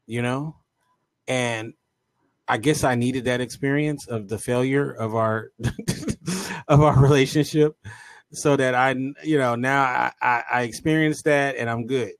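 Halting man reading viewer comments. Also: mid-range voice, dry recording. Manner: halting, many fillers and restarts. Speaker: co-host.

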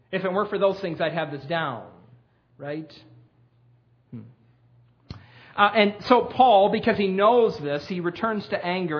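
High-voiced pastor, muffled sermon recording. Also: male voice. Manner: earnest teaching with rhetorical questions and frequent restarts.

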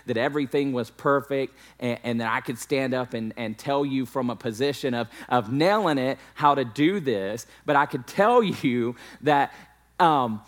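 A male pastor in his thirties preaches by telling a candid story about himself. His voice is mid-pitched and plainly conversational. He pokes fun at himself as he recounts his mistakes. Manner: candid, self-deprecating storytelling with acted quotes. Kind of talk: sermon storytelling.

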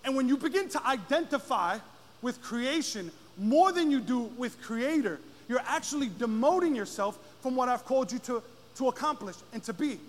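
A man preaching a sermon as pastor, often rising into shouted, drawn-out lines. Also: very high-pitched, lively intonation. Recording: long hall reverb.

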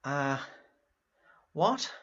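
An actor playing a jolly, easily flustered host chairing a studio panel. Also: male voice, fairly high pitch, drawn-out words, muffled recording, heavily acted. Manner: jolly, flustered, lively intonation. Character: genial male radio host chairing a panel.

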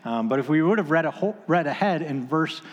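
A man's voice: fairly high pitch, lively intonation, fast, big-room sound, lo-fi sound. A man in his thirties preaching a sermon, telling a story in a casual, conversational way with filler words. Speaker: pastor.

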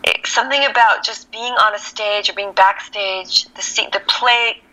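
A woman from Texas with a Californian accent, an actress speaking candidly as an interview guest and telling animated, reflective stories with easy laughter. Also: medium pitch, normal speed, poor audio. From El Paso, Texas. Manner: animated, reflective storyteller who laughs easily.

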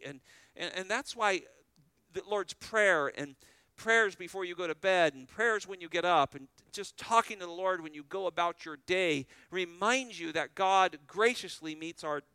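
Male preacher, slightly high and very clear tone; earnest sermon delivery, asks the congregation questions. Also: sharp tone, dry recording. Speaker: pastor.

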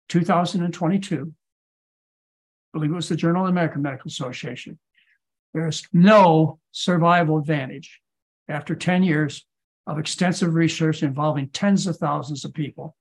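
A man who is a physician, giving lecture-style answers in a podcast Q&A and pressing his points with insistent rhetorical questions. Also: high-pitched. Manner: emphatic, hammering rhetorical questions.

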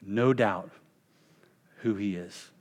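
Preaching man in a reverberant church hall. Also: on the low side. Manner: emphatic, slows and drops to a hush on key phrases. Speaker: pastor. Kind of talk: sermon.

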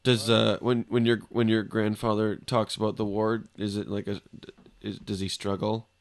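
A man's voice: fairly low pitch, little pitch movement, moderate pace. A man co-hosting a podcast, joking and teasing his guests in casual chat. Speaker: podcast co-host.

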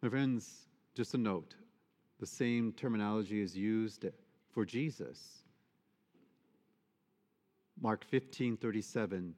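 A man's voice: lowish voice, slow pace, long pauses. Man preaching in a reverberant church. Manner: expressive preaching with rhetorical questions. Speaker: priest. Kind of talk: sermon.

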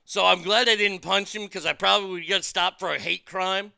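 A man's voice: sits high, fairly even intonation, a little fast, creaky, bright, forceful tone, smooth, no room sound, studio quality. A man telling a story as a profane rant, stammering and repeating his words as he swears.

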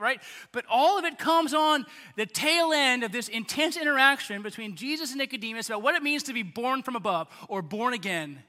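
A pastor with a very high, bright voice delivers a sermon in a chatty, animated manner, speaking a little fast with few pauses. The long reverb of a big hall surrounds his voice.

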